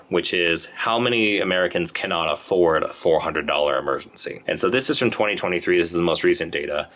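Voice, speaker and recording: A man's voice: deep voice, fairly bright tone. A man giving a casual, conversational lecture to other dentists, acting out patient quotes now and then. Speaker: endodontist educator. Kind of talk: lecture presentation.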